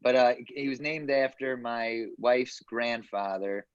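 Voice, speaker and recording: A man's voice: medium pitch, takes it slowly, clean tone, no room sound, dull audio. A man in his thirties, a comedian on a podcast panel, chatting casually with many fillers and restarts. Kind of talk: casual chat.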